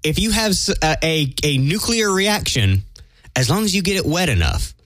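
A man's voice: on the high side, sing-song, moderate pace, fairly bright tone, no room sound, studio quality. A man in a casual chat, chiming in with crude jokes and wisecracks.

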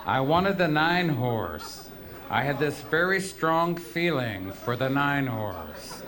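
A man's voice: medium pitch, big pitch swings, slow pace, a crowd in the background. A man telling rambling, profane stories to a live audience with a wry, offhand manner. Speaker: storyteller performing for an audience. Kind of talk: live spoken storytelling.

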